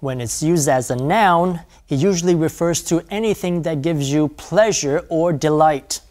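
A man co-hosting a scripted English lesson, explaining a phrase in a slow, careful way. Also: fairly high pitch, a little mellow. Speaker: English teacher. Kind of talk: scripted language lesson dialogue.

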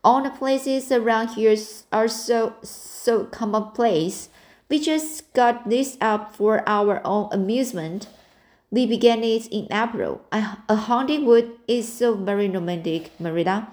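A woman's voice: on the high side, takes it slowly, darkish tone. A woman reading the part of a dreamy, talkative orphan girl in an audiobook, in an earnest, romantic and breathless manner. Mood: frightened.

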